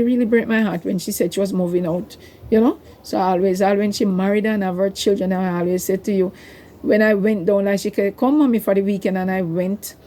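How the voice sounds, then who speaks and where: Older woman, mellow voice. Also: medium pitch. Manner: emotional, rambling, tearful at times. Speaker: vlogger. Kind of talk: personal storytelling to camera.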